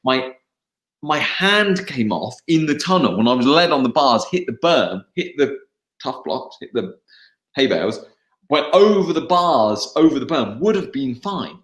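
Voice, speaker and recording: A young English man, a motocross racer, chatting casually in a live interview, laughing and pausing on fillers. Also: mid-range voice, big pitch swings. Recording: echoey room.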